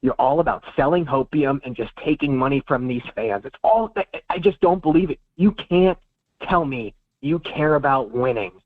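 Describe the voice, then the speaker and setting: A man's voice: mid-range voice, lively intonation, moderate pace. A man co-hosting a casual sports talk show, ranting in a heated way with a lot of swearing. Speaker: podcast co-host. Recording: tinny phone-like call line.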